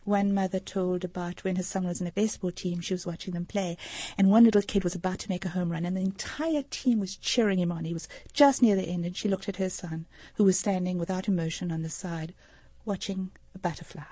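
A woman's voice: lowish voice, fairly even intonation, a little fast, hardly any pauses, dark tone, dry recording. A middle-aged woman from Africa, a social worker explaining earnestly as a radio interview guest. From South Africa. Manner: earnest, explanatory, gives anecdotes.

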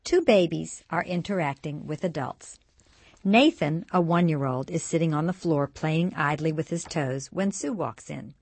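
Woman host, scripted narration, low voice, measured expressive reading, dry close sound. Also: slightly rough, no room sound. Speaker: radio show co-host.

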